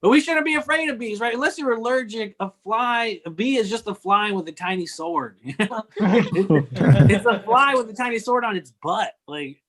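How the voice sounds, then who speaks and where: A man's voice: sits high, expressive, moderate pace, fairly bright tone. A man doing a stand-up set over a video call, wry and rambling with offhand observational jokes. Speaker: stand-up comedian.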